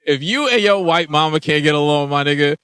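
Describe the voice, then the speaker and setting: A man's voice: a little high, expressive, a little fast, a bit bright, clear, resonant tone, no room sound. A man co-hosting a podcast, talking in laid-back, slangy and profane banter and laughing often. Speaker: podcast co-host. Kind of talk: casual movie-review chat.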